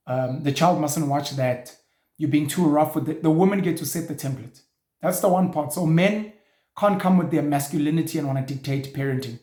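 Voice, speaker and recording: Guy ranting hard, kinda high voice, swears a lot, echoey room. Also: a little mellow. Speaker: show host. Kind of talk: opinionated monologue.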